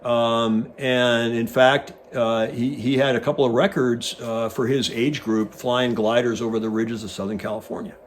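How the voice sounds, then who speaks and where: A man in his sixties, a retired Navy pilot hosting, casually telling an animated anecdote and acting out the dialogue. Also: medium pitch, moderate pace, hardly any pauses, a little hiss or hum. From United States. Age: 60s. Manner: animated storyteller who acts out quoted dialogue.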